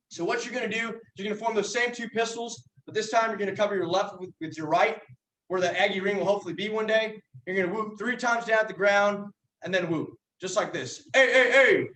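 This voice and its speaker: Young man, teasing folksy yell leader, high voice, far from the mic. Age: young adult. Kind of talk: joking instructional talk. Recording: echoey room from far off.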